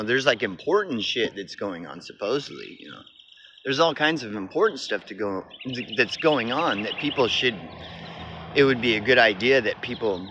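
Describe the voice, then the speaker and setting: A man from Oklahoma vlogging outdoors beside a road, in a rambling, cynical, profane rant that often restarts. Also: fairly low pitch. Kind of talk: casual rant to camera. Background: passing traffic.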